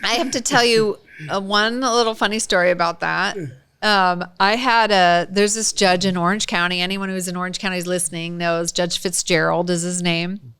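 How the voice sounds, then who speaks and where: A bubbly woman hosting a podcast, chatting casually and laughing easily. Her voice comes through crisp and clean, with a dry, close studio sound. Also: lowish voice, fairly even intonation, normal speed, a bit bright, no echo. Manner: bubbly, laughs often, gushing. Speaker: podcast host. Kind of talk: casual interview chat.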